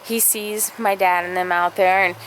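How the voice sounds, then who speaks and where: A woman's voice: on the low side, fairly even intonation, moderate pace, a bit bright, a little hiss or hum, poor audio. A young woman vlogger telling a rambling story in casual chat, full of fillers. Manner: rambling, filler-heavy, acts out quotes.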